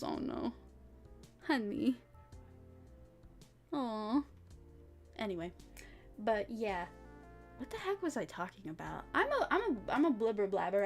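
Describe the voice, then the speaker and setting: Bubbly young woman streamer, lively voice. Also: on the high side, vocal fry. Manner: bubbly, rambling, giggly, swings loud and soft. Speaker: VTuber streamer. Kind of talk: casual live-stream chat.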